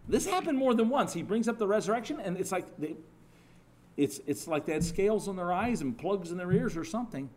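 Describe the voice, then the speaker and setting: Conversational male preacher, fairly high voice. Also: brisk. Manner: conversational, animated storytelling with restarts. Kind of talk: sermon.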